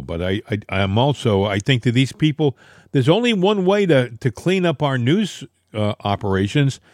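A man's voice: medium pitch, no echo. Emphatic, opinionated male co-host, dry sound. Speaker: podcast co-host. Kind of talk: casual political chat.

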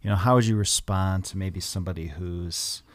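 Very deep, flat-voiced pastor man. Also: slight background noise. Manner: thoughtful, measured questioning. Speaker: pastor, podcast co-host. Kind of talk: conversational church podcast discussion.

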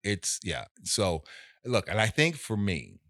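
A man in casual conversation, telling a story in an animated way and acting out the voices of people in it. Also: on the low side, slow, dry recording, studio quality.

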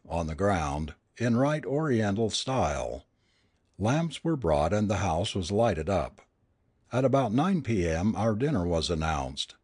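Low husky male storyteller. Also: no echo, studio quality. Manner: measured storytelling with expressive swings. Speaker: audiobook reader. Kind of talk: reading a ghost story aloud.

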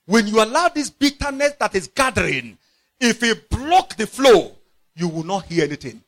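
Emphatic preacher, lively high voice. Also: male voice. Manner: emphatic, repetitive preaching with sudden shouts and quiet drops. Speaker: pastor. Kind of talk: sermon.

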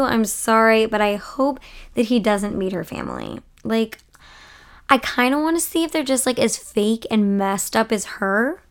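A woman's voice: a little high, smooth. Sleepy, sassy young woman podcaster. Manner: gushing, opinionated, sassy. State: sleepy, yawning late at night. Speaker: podcast host. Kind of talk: casual chatty TV recap.

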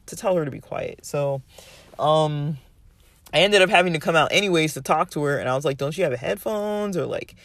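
A man's voice: fairly high pitch, a little fast, fairly bright tone, dry recording. A man telling a long, rambling story in a casual monologue, full of "like" and "um", sounding exasperated. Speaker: vlogger ranting about a roommate.

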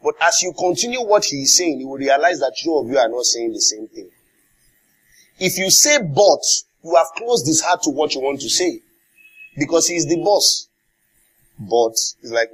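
A man's voice: on the high side, slightly rough. A man with a Nigerian accent preaching a sermon as pastor, emphatic, calling out to the congregation and acting out quotes. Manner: emphatic preaching with call-and-response and acted quotes.

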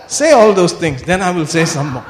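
High-voiced preacher. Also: male voice, brisk, a little hiss or hum. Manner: emphatic, swinging from low asides to shouted declarations. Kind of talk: sermon. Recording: long hall reverb.

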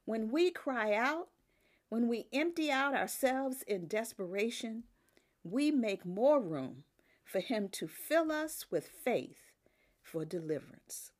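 An older woman preaching a sermon, emphatic, with rises on key words and soft drops at the ends of phrases. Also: fairly high pitch, sing-song, slow pace.

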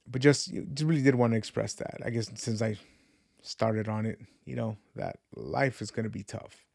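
A man's voice: on the low side, moderate pace, creaky, darkish tone, breathy edge, no room sound, studio quality. A man in his thirties hosting a podcast, talking in an earnest, rambling way about faith and life, repeating words as he searches for them. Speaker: podcast host. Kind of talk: casual reflective faith talk.

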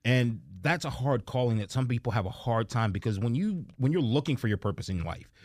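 A man's voice: mid-range voice, expressive, a little fast, no echo, studio quality. Jovial, silly male podcast co-host. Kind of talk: casual chat.

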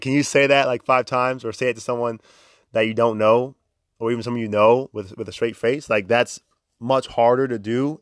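A man's voice: mid-range voice, no room sound, studio quality. A young man hosting a podcast in a chatty, upbeat way, laughing often and filling with "like". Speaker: podcast host. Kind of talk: casual motivational talk.

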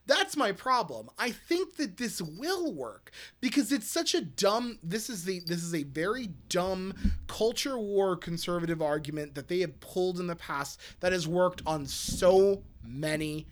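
Man, podcast co-host, lively pitch, ranting and swearing freely. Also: measured pace. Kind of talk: casual political chat.

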